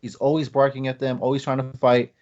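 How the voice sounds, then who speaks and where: A male podcast host tells stories casually, rambling with lots of fillers and acting out the quotes. His medium-pitched voice is level, darkish and a little fast, and the lo-fi podcast audio sounds slightly dull and muffled.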